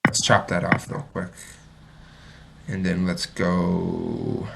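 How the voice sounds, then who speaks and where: A man streaming himself playing chess, thinking aloud and muttering to himself, sometimes mocking his own mistakes and getting excited. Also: sits low, takes it slowly, gravelly, noisy background. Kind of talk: thinking aloud while playing and reviewing a game.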